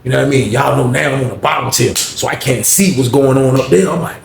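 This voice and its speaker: Animated gravelly man telling a story. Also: mid-range voice, brisk, few pauses, noisy background. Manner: animated, profane, acts out voices. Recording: echoey room.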